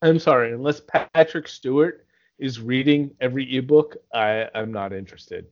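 A man's voice: mid-range voice, moderate pace. A man co-hosting a podcast, chatting casually, telling stories animatedly and swearing often. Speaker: podcast co-host. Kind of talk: casual chat. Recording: dull lo-fi sound.

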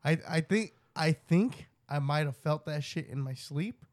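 A man's voice: fairly high pitch, measured pace. Laughing, swearing young man. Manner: laughing, swearing, playful deadpan denials. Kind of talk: casual chat.

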